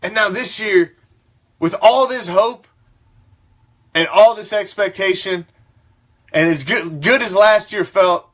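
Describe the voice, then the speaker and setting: A man's voice: high voice, slow, pauses often, a bit bright. A man hosting a fan sports talk show, ranting with a profane, fired-up and emphatic delivery. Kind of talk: fan sports commentary rant.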